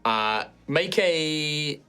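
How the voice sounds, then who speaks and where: A man's voice: a little high, animated, extremely slow, sharp tone, clear, resonant tone, faint music behind. A man running a tabletop game as game master, describing scenes in a storytelling way and calling for rolls.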